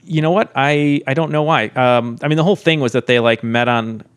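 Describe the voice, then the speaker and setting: A man's voice: mid-range voice, brisk, clear, resonant tone. A man from Chicago with a light Chicago accent, co-hosting a podcast in casual chat, rambling with lots of ums and restarts. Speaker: podcast co-host. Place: recording studio.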